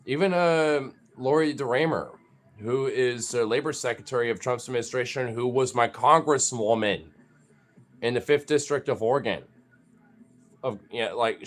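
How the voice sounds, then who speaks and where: A man talking casually and profanely, rambling with fillers and restarts, sometimes jumping into high playful baby talk with his pets.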